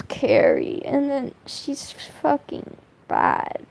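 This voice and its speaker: A woman's voice: a little high, very animated, a little slow, gravelly, a little mellow, rough recording. A young woman chatting casually while drawing on stream, rambling and swearing, laughing often. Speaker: streamer drawing fan art.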